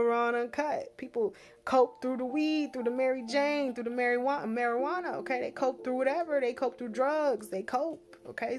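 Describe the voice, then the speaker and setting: A woman giving a casual spiritual message reading, chatty and repetitive, often checking in with the listener. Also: on the high side. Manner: chatty, repeats tag questions like "right?" and "okay?". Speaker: spiritual reader.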